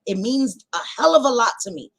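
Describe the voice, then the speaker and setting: A woman's voice: on the high side, animated, a little fast, gravelly, slightly rough, rough recording. Profane, fiery woman ranting at her chat. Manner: profane, fiery, swings from shouting to quiet. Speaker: livestream host. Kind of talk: heated casual rant to live chat.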